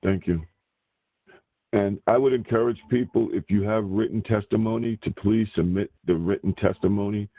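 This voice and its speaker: A man chairing a public meeting, calling on speakers in a halting way with filler pauses. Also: low-pitched, dry recording. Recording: dry, tinny phone line.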